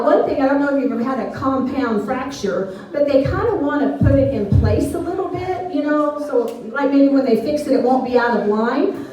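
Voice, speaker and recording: A middle-aged woman doing stand-up, telling a story with animated, shrieking quotes of herself. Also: sits high. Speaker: stand-up comedian. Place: small venue on stage. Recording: very echoey room, voice from far off.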